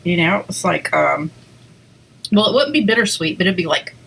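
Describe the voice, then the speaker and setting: A woman's voice: on the low side, expressive, normal speed, creaky, fairly bright tone, husky, low-quality recording. A woman hosting a casual eating video, chatting to viewers between bites with lots of "like" and "um" and small giggles. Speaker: eating show host. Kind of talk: casual mukbang chat to viewers.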